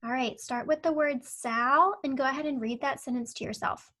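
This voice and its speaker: A young woman teaching an online phonics lesson to young children, patient and clear as she sounds out words and spells letters one at a time. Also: high-pitched, normal speed, bright, forceful tone. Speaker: kindergarten teacher.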